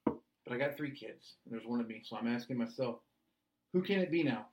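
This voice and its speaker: Deadpan man reciting lyrics as life advice. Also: mid-range voice, brisk. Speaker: podcast co-host. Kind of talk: deadpan comedic chat quoting song lyrics.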